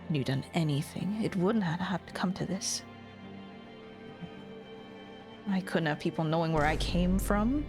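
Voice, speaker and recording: A guarded, proud lord from a visual novel speaks curtly and brushes off what he hears, voiced by a woman reading all the parts. The delivery stays at a middling pitch and is clipped and dismissive. Soft game music plays faintly underneath. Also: a little fast, close to an everyday voice. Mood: cold.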